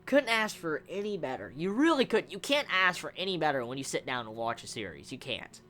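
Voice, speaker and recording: A young man rambles through an anime episode review, excited and profane, tripping over repeated words as he goes. His pitch swings widely and his tone is bright and forceful. Faint music plays underneath. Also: fairly quick. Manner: excitable, swears a lot, stammers and repeats words. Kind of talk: casual unscripted review.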